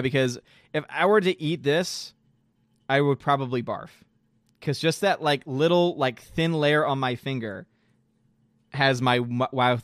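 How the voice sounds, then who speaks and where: A man casually live-streaming, reading chat aloud and reacting in an animated way, throwing in lots of "dude" and "man.". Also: mid-range voice, clear, resonant tone, no echo, clean studio sound. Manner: animated, exclaiming, says "dude" and "man" a lot.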